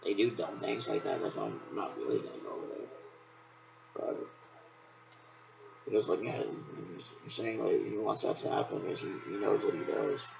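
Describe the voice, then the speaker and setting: Very gravelly low-voiced man rambling. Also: very animated, moderate pace, noisy background. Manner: rambling, repetitive, loosely connected talk. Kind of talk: rambling monologue. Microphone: laptop webcam.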